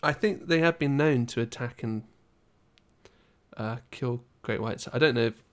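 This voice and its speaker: A man's voice: mid-range voice, a little slow. A man from Britain co-hosting a casual podcast chat, musing aloud and often trailing off. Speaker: podcast co-host.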